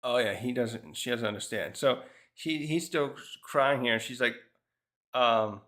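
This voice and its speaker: A man's voice: mid-range voice, moderate pace, fairly bright tone. Guy chatting thru a manga chapter, loose and rambly, keeps restarting his sentences. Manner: thinks aloud with many restarts and fillers. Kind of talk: casual rambling commentary.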